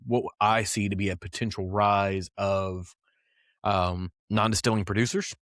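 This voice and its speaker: Male podcast host, lowish voice, dry close mic, easygoing rambling chat. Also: no echo. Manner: loose, rambling, full of fillers and asides. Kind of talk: casual whiskey podcast chat.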